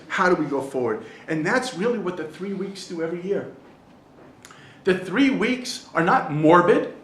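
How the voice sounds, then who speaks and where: This high-pitched man's voice echoes through a study hall in Jerusalem. He is a rabbi leading a group Torah lesson, lively and theatrical, cracking jokes, telling stories, and performing characters' voices as he goes.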